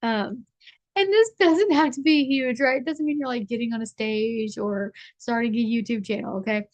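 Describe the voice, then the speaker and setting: A woman's voice: fairly high pitch, normal speed, dry recording, dull audio. A woman giving a casual collective tarot reading, chatty and rambling, with a playful streak. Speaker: tarot reader.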